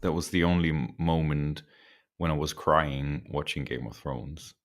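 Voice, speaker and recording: A man co-hosting a casual podcast chat, playful and teasing, quick to laugh and a bit tipsy. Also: extremely low pitch. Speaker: podcast co-host.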